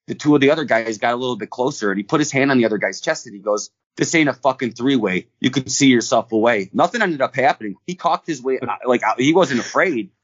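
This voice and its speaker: A man co-hosting a podcast, telling rough bar stories in a fast, profane, rambling way full of restarts. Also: mid-range voice, no echo, muffled recording. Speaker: podcast co-host. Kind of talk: casual storytelling.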